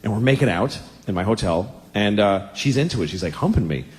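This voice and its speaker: Male stand-up, forties, lively pitch, raunchy confessional rambler. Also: fairly quick, in a large hall. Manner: crude, self-deprecating, rambling confessional. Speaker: stand-up comedian. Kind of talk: stand-up routine.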